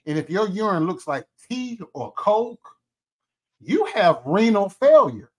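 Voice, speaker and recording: A man co-hosting a casual commentary show, given to loud laughing fits and mock prayers. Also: high voice, sing-song, unhurried. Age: older. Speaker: co-host.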